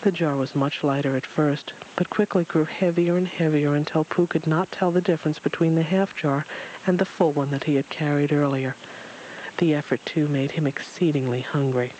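A narrator reading a children's storybook aloud in a steady, gentle way, with small slips. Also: mid-range voice, normal speed, slight background noise, low-quality recording.

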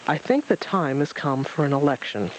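A man's voice: fairly high pitch, expressive, slight background noise, close to an everyday voice, low-quality recording. A man voicing a pompous, self-important old owl in a storybook reading, drawing his words out. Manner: pompous, drawn-out.

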